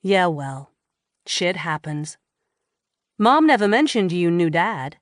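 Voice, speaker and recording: A woman's voice: fairly low pitch, very animated, slow, no echo. Woman reading easygoing young man, Boston accent, college age, audiobook voice, dry close sound. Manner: laid-back, casual.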